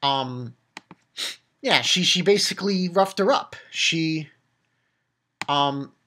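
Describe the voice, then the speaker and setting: A man casually recapping a manga chapter, rambling and swearing, with many restarts and bursts of excitement. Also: fairly high pitch, takes it slowly.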